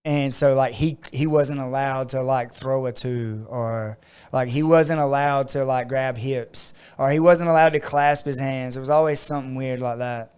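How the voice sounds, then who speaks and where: A man telling a long story in casual podcast chat, leaning on "like" and acting out the people in it with sudden loud outbursts. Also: medium pitch, fairly even intonation, moderate pace, clear, resonant tone. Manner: frequent "like" fillers. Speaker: podcast co-host.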